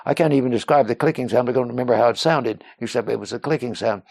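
A man tells a personal story as an interview guest at a quick pace, his medium-pitched voice creaky and a little mellow. The telling rambles with many restarts and fillers, and he acts out what others said in quotes. There is no echo.

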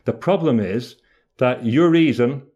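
A man with an ordinary mid-range pitch talks as an interview guest. He thinks aloud, pausing with "uh" and restarting phrases as he works through an idea. The delivery is reflective and unhurried in spirit. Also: darkish tone, muffled recording. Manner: thoughtful, halting, often restarts mid-phrase. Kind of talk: reflective conversational explanation.

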